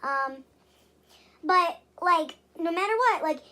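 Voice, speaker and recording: A woman's voice: very high-pitched, animated, slow, pushed and bright. A young woman vlogging at home, rambling and exasperated, with lots of fillers and swearing. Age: young adult. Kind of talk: casual venting vlog.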